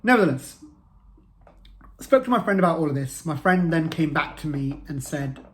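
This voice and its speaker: A man's voice: a little high, animated, normal speed. Earnest man telling his story. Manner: earnest, repeats phrases for emphasis. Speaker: motivational vlogger. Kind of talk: personal storytelling to camera.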